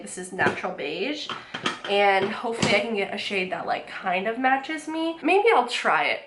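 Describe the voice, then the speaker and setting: A woman's voice: mid-range voice, a bit bright, echoey room, a little hiss or hum. A young woman with a stuffy, nasal voice from a cold, chatting casually through a makeup tutorial with lots of restarts. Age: young adult. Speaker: beauty vlogger.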